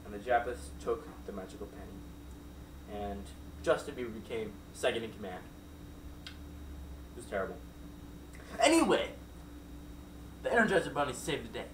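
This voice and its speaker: A man's voice: mid-range voice, very animated, moderate pace, long pauses, fairly bright tone, slight background noise. A man telling a made-up, silly story off the cuff, rambling with many digressions and asides. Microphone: distant mic. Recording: roomy echo from far off, faint background.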